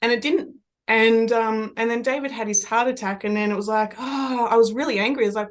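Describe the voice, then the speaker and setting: An Australian woman working as a medium, telling rambling, animated stories in a relaxed podcast chat. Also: fairly high pitch, fairly quick.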